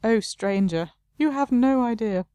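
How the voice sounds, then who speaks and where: A woman's voice: a little high, expressive, measured pace, dark tone, no room sound. A woman voicing a posh, distraught elven woman in a game playthrough, moaning theatrically.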